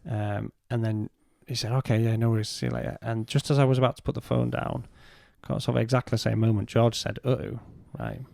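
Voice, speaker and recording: A man, a podcast guest, telling a personal story in a halting way and retelling what was said in his own words. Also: medium pitch, fairly even intonation, vocal fry, a little mellow, no room sound, studio quality.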